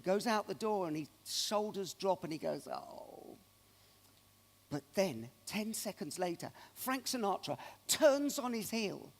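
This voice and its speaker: A man giving a keynote speech, telling anecdotes to an audience in a large conference hall. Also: high voice. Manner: animated anecdotal storyteller. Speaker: keynote speaker. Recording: long reverb of a large hall.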